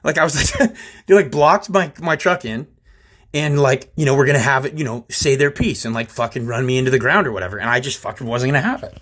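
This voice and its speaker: A man recounting a workplace run-in in a loose, rambling way, cursing often and sounding indignant. His voice sits at an ordinary middle pitch, and he talks directly to the people listening. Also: brisk, a bit bright. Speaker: channel host recounting a workplace incident. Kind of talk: casual storytelling to camera.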